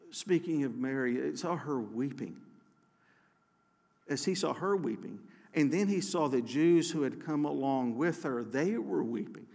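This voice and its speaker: Earnest gravelly male pastor preaching. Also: on the high side, big-room sound. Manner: earnest, with many restarts and soft slowed emphasis. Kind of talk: sermon.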